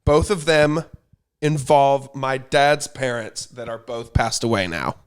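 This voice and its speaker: A man's voice: medium pitch, takes it slowly, clean tone. A young man hosting a podcast, chatting casually and telling rambling stories, laughing easily. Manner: laid-back, rambling storyteller who laughs easily. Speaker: podcast host. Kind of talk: casual chat.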